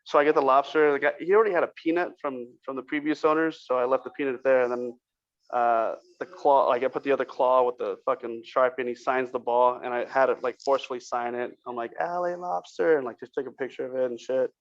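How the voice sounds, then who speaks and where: A man's voice: mid-range voice, little pitch movement, quick pace. Rambling storyteller, male, salty language, casual podcast chat, slightly dull lo-fi audio. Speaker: podcast co-host.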